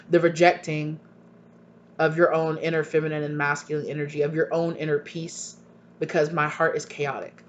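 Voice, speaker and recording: A man giving a tarot reading to viewers, talking earnestly and emphatically, often repeating himself and asking pointed questions. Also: fairly high pitch. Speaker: tarot reader. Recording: dull lo-fi recording with faint hum.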